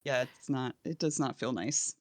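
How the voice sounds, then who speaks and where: A young woman co-hosting a podcast, slowly retelling an episode's plot in a halting, casual way. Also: extremely low pitch, no echo. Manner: slow, halting retelling with soft laughs. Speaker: podcast co-host. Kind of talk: casual recap chat.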